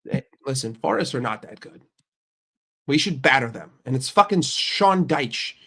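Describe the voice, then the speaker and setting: A man's voice: medium pitch, expressive, moderate pace, sharp tone. A young adult man from the United States hosting his channel, ranting casually with heavy swearing and a brash manner. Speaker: streamer and channel host. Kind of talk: casual profane rant.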